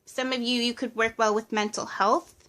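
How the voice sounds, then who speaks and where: A woman's voice: a little high, little pitch movement, moderate pace, fairly bright tone. A woman giving a pick-a-card tarot reading in a casual, hesitant way, listing impressions with many fillers. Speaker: tarot reader.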